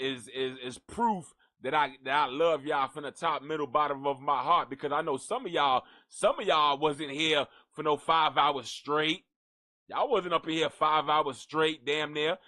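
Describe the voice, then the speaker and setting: Bright-voiced profane live-stream host. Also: male voice, a little high, unhurried. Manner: profane, rambling, jokey, talks to an unseen donkey. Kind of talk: casual live-stream sign-off rant.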